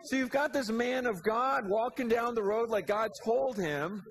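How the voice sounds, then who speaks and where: High, gravelly-voiced preacher man. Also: a little slow, slight background noise. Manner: animated retelling of scripture with slangy asides and acted quotes. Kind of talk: casual storytelling sermon.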